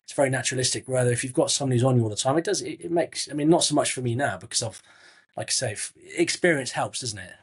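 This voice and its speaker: Middle-aged guy from the southwest, husky voice, chatty interview guest, restarts a lot. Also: mid-range voice, fast. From Southwest England. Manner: chatty, frequent restarts, calls people mate. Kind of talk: casual interview chat.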